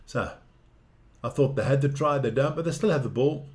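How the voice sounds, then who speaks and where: A man giving casual live rugby commentary, excitable and blunt, swearing at the referees. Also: medium pitch, moderate pace. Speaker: watch-along rugby commentator.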